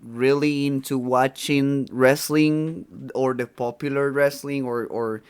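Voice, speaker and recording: Smooth-voiced man hosting, halting delivery. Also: mid-range voice, steady tone. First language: Spanish. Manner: hesitant, many restarts. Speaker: podcast host. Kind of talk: casual interview chat.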